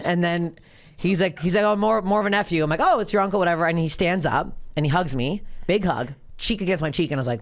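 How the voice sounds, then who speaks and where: Fast-talking profane comedian host. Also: female voice, low voice. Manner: rapid, profane, animated storytelling with many restarts. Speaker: podcast host. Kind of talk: casual chat, storytelling.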